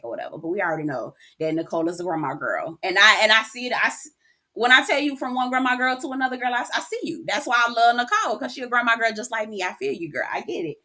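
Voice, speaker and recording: A woman giving casual, expressive commentary recapping a reality TV episode, talking to the viewer like a close friend. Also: mid-range voice, quick pace. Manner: chatty, expressive, keeps calling the viewer "girl"; emotional, near tears at moments.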